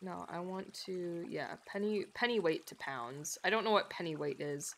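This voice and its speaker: A woman's voice: lowish voice, normal speed, vocal fry, hardly any pauses. Chatty young woman streaming a game. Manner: chatty and rambling, frequent "like" and laughs. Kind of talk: casual gameplay chat with viewers.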